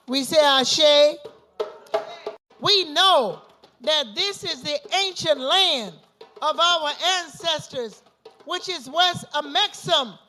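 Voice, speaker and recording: A woman leads a libation rite in a high, bright voice, chanting slow, drawn-out invocations and repeating the same refrain again and again. Faint music plays softly behind her. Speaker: libation ceremony leader. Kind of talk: ritual invocation with call-and-response. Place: gathering at an institution.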